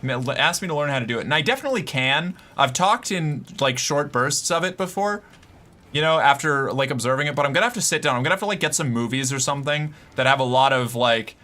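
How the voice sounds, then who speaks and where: A man streams from home and chats with his viewers in an easy, rambling way. His voice is bright and forward, sitting at an ordinary middle pitch. He jokes freely and swears without a second thought. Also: animated, fast. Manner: loose and joking, swears, laughs often. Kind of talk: casual live-stream commentary.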